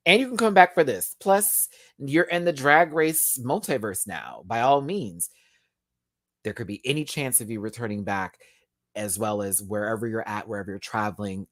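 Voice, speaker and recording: A man talks through a live episode review in a chatty, sassy style, sprinkling in drag slang. His voice sits in a middle pitch. The sound is dry and close, with no room echo. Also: moderate pace. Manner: chatty, expressive, with laughs. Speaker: YouTube reviewer.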